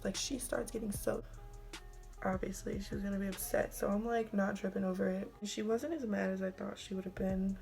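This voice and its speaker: Chatty young woman with a gravelly voice. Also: medium pitch, steady tone, fairly quick, a little mellow, soft background music. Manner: chatty, many "like" fillers, drops to whispers. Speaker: vlogger. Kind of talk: casual storytime.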